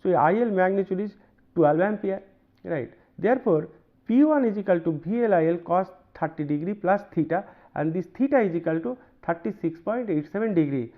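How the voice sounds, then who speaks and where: Pitched high and animated, a man with an Indian English accent delivers a university lecture, stepping through examples with frequent pauses, repetitions and "right?" check-ins. The audio has a narrow, phone-like bandwidth.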